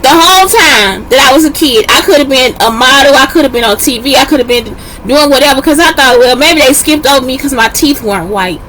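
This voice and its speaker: High bright-voiced woman ranting. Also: brisk, few pauses, a little hiss or hum. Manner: heated, swears constantly, addresses viewers as y'all; rises into shouting, near tears at times. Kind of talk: angry profane rant to viewers.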